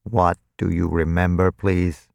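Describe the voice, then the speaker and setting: A man voicing a cold, calculating vampire who speaks slowly and evenly, with a practiced, hollow sympathy. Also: low-pitched, little pitch movement, vocal fry, a little mellow, no echo. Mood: cold, measured. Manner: slow, measured, detached.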